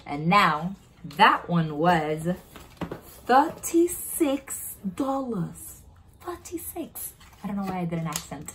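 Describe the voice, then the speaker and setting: A woman's voice: low-pitched, normal speed, background noise. A young woman chatting casually while unboxing and trying on makeup, narrating each step and easily delighted. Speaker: beauty vlogger.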